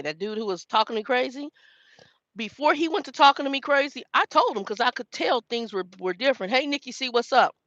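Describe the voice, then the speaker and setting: A woman in her 50s who trains truck drivers and vlogs about trucking chats casually with viewers in a mid-range, fairly bright voice. She tells stories chattily, quoting herself, in a dry, slightly dull recording with no room sound.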